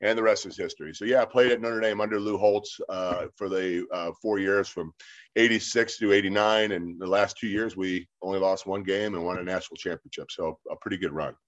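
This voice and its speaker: Man, fifties, low voice, rambling anecdotes, filler words, a bit muffled. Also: fairly even intonation, a little fast. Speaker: interview guest. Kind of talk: casual storytelling. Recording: slightly dull lo-fi sound.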